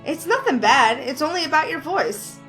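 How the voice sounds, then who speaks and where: A woman's voice: high voice, sing-song, normal speed, a bit bright, faint music behind, voice pushed up. A woman voicing a cheerful young heroine who playfully teases, read from a visual novel. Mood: teasing. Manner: bubbly, playful teasing. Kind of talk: reading a visual novel aloud.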